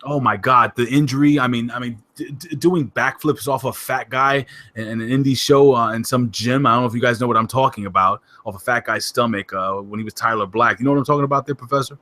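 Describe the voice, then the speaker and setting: A man hosting a wrestling podcast in casual chat, excitable and emphatic, joking as he talks. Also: mid-range voice, quick pace, hardly any pauses. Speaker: podcast host.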